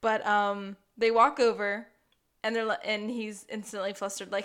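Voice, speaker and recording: A woman's voice: medium pitch, little pitch movement, normal speed, fairly bright tone, clean tone. A woman co-hosting a podcast, animatedly recapping a TV episode, quoting characters' lines and laughing a lot. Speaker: podcast co-host. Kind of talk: casual chat recapping a TV episode.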